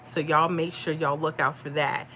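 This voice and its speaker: A woman's voice: sits low, flat delivery, moderate pace, fairly bright tone, slight background noise. A middle-aged woman from Florida, chatting casually on a livestream and reading out viewer comments. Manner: chatty, reads comments aloud, folksy. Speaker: livestream host.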